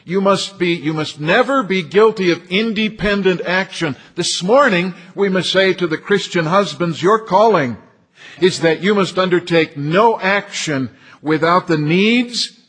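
A man preaching a sermon in a measured way, repeating key phrases for emphasis. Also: sits high, fairly bright tone, breathy edge.

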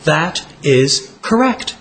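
A man preaching a sermon with dramatic storytelling, dropping low and slowing down on key words. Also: big pitch swings, fairly bright tone.

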